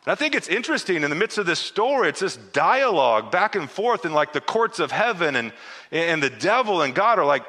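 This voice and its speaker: A man preaching to his congregation, his bright and fairly high voice swooping up and down as he plays out scripture scenes with casual asides. He trips over his words and restarts often. His voice rings with the long reverb of a large hall. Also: brisk. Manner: animated, acts out biblical dialogue with casual asides; frequent stammered restarts. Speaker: pastor. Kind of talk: sermon.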